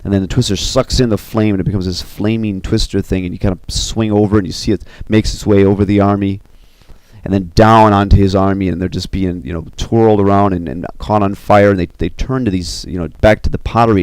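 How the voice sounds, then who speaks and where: A man casually recounting the scenes of an animated film, animated and full of "you know" and "uh". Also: fairly low pitch, brisk, smooth, no room sound. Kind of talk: casual retelling.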